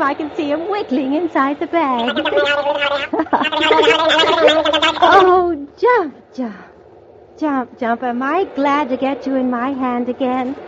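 Fretful motherly lady who knits, high voice, scratchy muffled old radio recording. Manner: fretful, fussing and exclaiming. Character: fussy motherly knitting woman. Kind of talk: 1940s radio acting.

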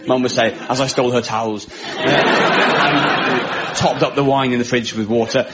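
A man performing a stand-up comedy monologue with a dry, wry delivery, pausing for laughs. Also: medium pitch, steady tone. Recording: muffled live recording with background noise.

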